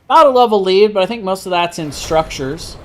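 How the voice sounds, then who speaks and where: A man doing live play-by-play commentary on an esports match, steady with frequent self-corrections. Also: sits high, a little fast. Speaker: esports caster.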